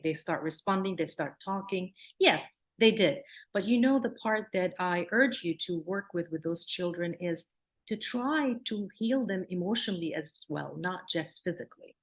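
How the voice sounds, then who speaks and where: A woman from Palestine, a clinical psychologist giving a workshop lecture in an earnest way, often repeating words and slipping into gentle soothing phrases. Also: on the low side. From Palestine, raised in Jordan.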